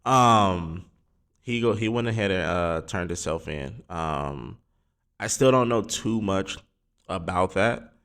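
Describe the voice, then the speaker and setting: Male sports podcast host, deep voice, loose and rambling, lots of ums. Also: slow pace, fairly bright tone. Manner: rambling, filler-heavy, informal. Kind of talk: casual solo sports talk.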